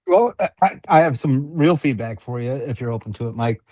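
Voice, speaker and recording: A man's voice: medium pitch, lively intonation, a little fast, a little mellow, dry recording. Hesitant man giving feedback. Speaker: training participant. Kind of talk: casual remarks in a meeting.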